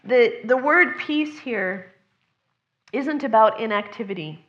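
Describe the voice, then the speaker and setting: A woman delivers a sermon in an earnest, conversational tone, her voice sitting a little high. Now and then she slips into other people's voices as she quotes them. The recording sounds slightly dull and lo-fi. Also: lively intonation, slow pace, fairly bright tone. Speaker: preacher.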